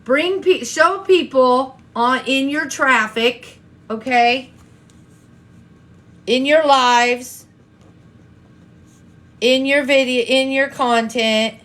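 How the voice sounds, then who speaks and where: A woman's voice: high voice, drawn-out words, pauses often, fairly bright tone. A woman coaching an online audience, talking straight to viewers and firing rhetorical questions, often repeating herself. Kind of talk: live-stream coaching talk.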